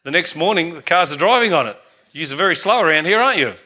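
Give me a man playing a brash bragging American tourist, forceful and high. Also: lively intonation. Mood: boastful. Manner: brash, scornful of slowness. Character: boastful American man visiting a friend.

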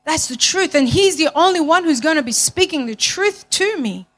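A woman giving a passionate church testimony, emphatic and repetitive, swinging from loud to hushed. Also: high-pitched, animated, normal speed.

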